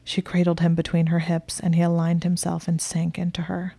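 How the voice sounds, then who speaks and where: A woman narrating a romance story in whispered role-play, hushed and breathy. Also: lowish voice, completely flat delivery, fairly quick, no room sound.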